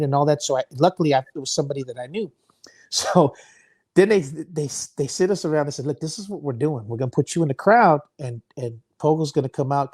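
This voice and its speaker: A man's voice: fairly high pitch, a little mellow. A man, a wrestling guest, telling a long story in an interview, laughing often and restarting words.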